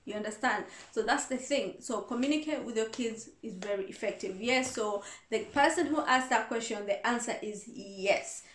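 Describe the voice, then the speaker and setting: A woman's voice: fairly high pitch, normal speed, hardly any pauses, a bit bright, slight background noise. A woman reverend answering viewer questions in a casual advice talk, earnest and repeating her points for emphasis. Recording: echoey room.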